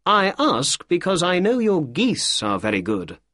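A sharp, inquisitive detective, as an audiobook narrator puts him on, lifted well above the reader's own voice and swinging through a very lively melody. He asks brisk, courteous questions at an unhurried pace, with a husky edge on a dry, close recording. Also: high voice, no echo, pitched above the performer's own voice, exaggerated voice. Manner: brisk, polite and probing. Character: keen sharp-witted male detective. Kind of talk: audiobook character reading.

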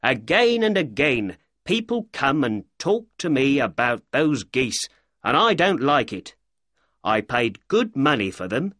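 A man's voice: medium pitch, big pitch swings, unhurried, fairly bright tone, dry recording, clean studio sound, voice pushed up. A man doing a grumpy, defensive shopkeeper. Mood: grumbling. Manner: defensive and irritable. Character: grumpy middle-aged male poultry seller. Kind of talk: audiobook character reading.

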